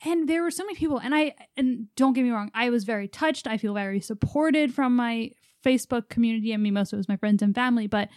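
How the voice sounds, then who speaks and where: A woman's voice: on the high side, fast, hardly any pauses, a little mellow, no echo, clean studio sound. A young adult woman co-hosting a podcast from home, chatting casually, laughing often and telling stories with animation. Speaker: podcast co-host. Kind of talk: casual conversation.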